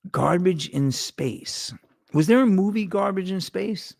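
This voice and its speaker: A man's voice: high-pitched, expressive, unhurried, vocal fry, no room sound. A middle-aged man hosting his own show, rambling through a casual monologue with profanity and digressions. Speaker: podcast host.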